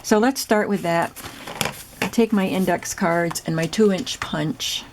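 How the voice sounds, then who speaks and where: A woman's voice: on the low side, a little slow. A woman host chatting casually as she demonstrates a crafting project, explaining each step. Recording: noisy recording with clicks.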